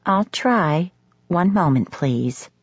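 A woman's voice: on the low side, expressive, slow pace, slightly rough, dry recording, pitched above the performer's own voice, heavily acted. A woman voicing a nervous young male hotel clerk who speaks with formal politeness. The recording sounds slightly muffled. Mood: polite.

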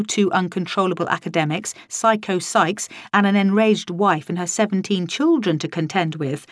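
A woman narrating a story in the first person, in a wry, lively storytelling manner, close to the mic. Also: on the low side, dry recording.

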